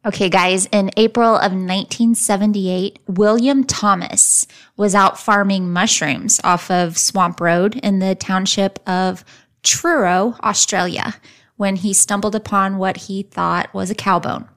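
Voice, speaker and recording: Speaking at a measured pace in a steady, fairly bright mid-range voice, a female podcast host narrates a true crime case from her notes. Her delivery is casual and chatty, sprinkled with playful asides.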